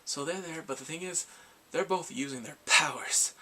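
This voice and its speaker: A man recapping a drama episode in a casual, excited way, acting out the characters' lines and his own reactions. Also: fairly high pitch, normal speed. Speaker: drama reviewer.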